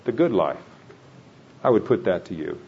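A man's voice: sits low, animated, normal speed, gravelly, highs cut off, slight background noise. A man preaching a sermon in an earnest, conversational way, building to emphatic points.

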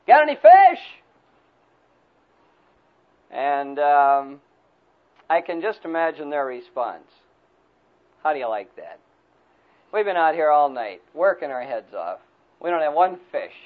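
A man preaching a sermon who retells a story in a folksy, animated way. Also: on the high side. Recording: tinny phone-like recording.

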